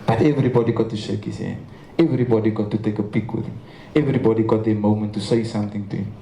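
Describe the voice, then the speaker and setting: A young man with a Cape Town accent delivers an earnest memorial tribute, now and then stumbling over his words. His voice is mellow and dark. It rings out through an echoey hall with a faint hum of ambience behind it. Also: fairly low pitch, fairly even intonation, fast. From South Africa. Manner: earnest storytelling with stammers. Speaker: memorial speaker. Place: large memorial venue.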